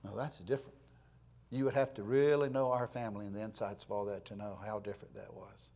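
A man, preaching in a folksy storytelling way, repeating words for weight and swinging from loud to hushed. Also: fairly low pitch, steady tone, quick pace, gravelly. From Florida, USA. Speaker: pastor. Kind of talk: storytelling sermon.

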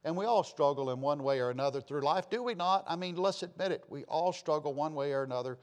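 A man delivers an impassioned sermon in a slightly high voice. He swings from loud, emphatic declarations down to quiet asides and keeps turning to his listeners with rhetorical questions. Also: expressive, fast talker.

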